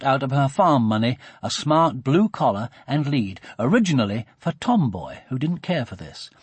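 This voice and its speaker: A man narrating a children's storybook in an expressive, animated reading. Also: a little high, slightly rough, dry recording.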